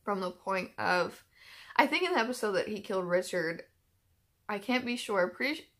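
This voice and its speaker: A woman's voice: mid-range voice, animated, normal speed, a bit bright. Woman rambling through an emotional reaction. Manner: rambling and emotional, heavy on filler words. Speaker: YouTube reaction channel host. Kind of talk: casual chat.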